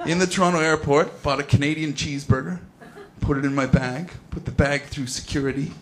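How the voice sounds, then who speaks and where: A man's voice: fairly high pitch, steady tone, a little fast. A young man doing stand-up and then chatting as a guest, telling stories in a laid-back, self-mocking way. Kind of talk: stand-up set then chat-show interview. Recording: noisy live venue recording.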